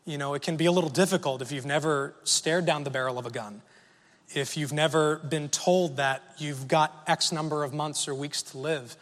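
Guy with a high voice giving a sermon, chatty storytelling, lots of echo from a big hall. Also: steady tone, normal speed, a bit bright. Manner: conversational storytelling, asks the audience questions. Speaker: preacher.

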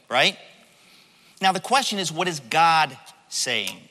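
A man preaching a sermon from the pulpit, animated and conversational, dramatizing the story with asides to the congregation. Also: on the high side, measured pace. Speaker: pastor. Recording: long hall reverb.

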